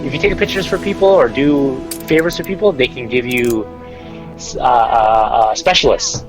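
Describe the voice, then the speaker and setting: A man's voice: mid-range voice, fairly even intonation, moderate pace, over music, poor audio. Man coaching a friend through a game. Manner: instructive, teasing. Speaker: gamer guiding a friend. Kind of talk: casual gaming chat.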